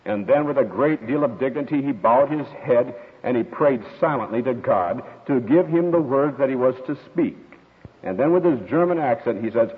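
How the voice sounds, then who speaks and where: A man's voice: mid-range voice, moderate pace. A man preaching a sermon, telling stories and acting out quoted voices as he teaches. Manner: storytelling, expressive with quoted voices. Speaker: pastor. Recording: tinny radio broadcast with long hall reverb.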